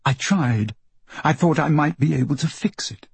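Grieving young woman magician, voiced by a male narrator: lifted, breathy, trembling audiobook read in a dry booth. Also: on the high side, very animated, moderate pace, a little mellow, no room sound, voice pushed up, full character voice. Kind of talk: audiobook character voice.

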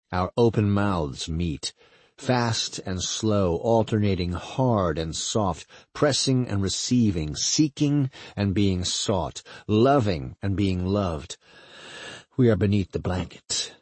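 A man narrating a first-person literary story in a slow, intimate, halting manner. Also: deep voice, husky, no echo.

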